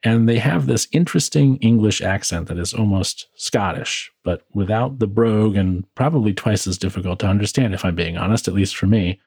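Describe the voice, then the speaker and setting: A man's voice: on the low side, brisk, creaky, few pauses, darkish tone, breathy edge, dry recording. A man hosting a podcast, reading his own reflective script with wry, dry asides, tired from working late. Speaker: podcast host. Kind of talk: scripted philosophical monologue.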